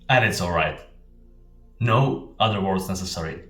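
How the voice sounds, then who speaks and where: A man with a very low voice teaches in an emphatic, explanatory way, hammering the same points home. He sounds a bit distant from the mic, in a reverberant room. Soft music plays faintly underneath. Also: lively intonation, moderate pace. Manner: emphatic, repeats key points. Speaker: Japanese teacher. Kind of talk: explanatory language lesson. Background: faint background music.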